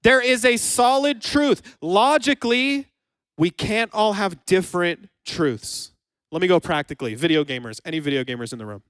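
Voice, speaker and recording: A man preaching a lively youth sermon in a church hall, joking with the audience and acting out both sides of a scene. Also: high voice, normal speed, clean tone, studio quality. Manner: playful, jokes with the crowd, acts out both sides of a scene. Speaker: youth pastor.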